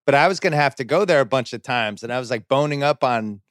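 A middle-aged man hosts a podcast in an easygoing, chatty way, tossing out quick follow-up questions. His voice sits at a middle pitch and sounds dry and close, with no room around it. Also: expressive, fairly bright tone, dry recording. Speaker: podcast host. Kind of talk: casual chat.

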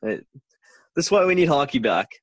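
A man's voice: fairly high pitch, very animated, a little fast, no echo. Blunt, swearing podcast co-host man. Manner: blunt, profane, dry wisecracks. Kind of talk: casual podcast chat.

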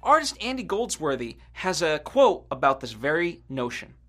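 A man's voice: fairly high pitch, big pitch swings, moderate pace, music in the background. A man hosting a podcast, delivering an earnest, reflective scripted monologue. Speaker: podcast host.

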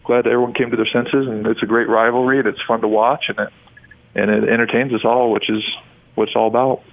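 A man's voice: mid-range voice, level tone, fast talker, no room sound. A man in his thirties from Utah, a former pro basketball player, telling stories as a guest in a rambling, enthusiastic way. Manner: rambling and enthusiastic, frequent restarts. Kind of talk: sports radio phone interview. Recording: tinny phone line.

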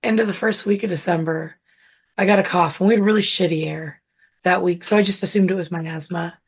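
A woman with a husky, hoarse voice from being sick and a gravelly crackle underneath it. She co-hosts a casual podcast chat and rambles through her story with lots of "like" and "um.". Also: fairly low pitch, fairly even intonation, fairly quick. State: hoarse from illness. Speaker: podcast co-host.

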